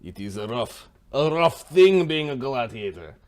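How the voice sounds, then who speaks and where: A man's voice: medium pitch, sing-song, measured pace. A man voicing a shrewd, menacing male bookie with a put-on Russian-style accent and broken grammar.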